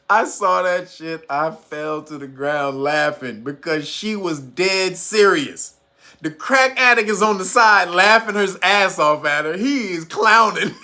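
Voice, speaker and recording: A woman with a bright, sharp voice chats casually to her audience. She speaks loosely and frankly, with plenty of slang and profanity. The delivery is informal, like an unscripted vlog. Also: lowish voice. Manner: loose, chatty, profane storytelling addressed to viewers. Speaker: commentary vlogger. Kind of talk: casual commentary.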